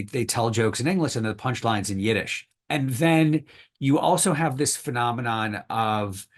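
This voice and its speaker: A man at an even, mid-range pitch explains history as a podcast guest. He talks thoughtfully and hedges often, with plenty of fillers. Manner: thoughtful, hedging, many fillers. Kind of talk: podcast interview.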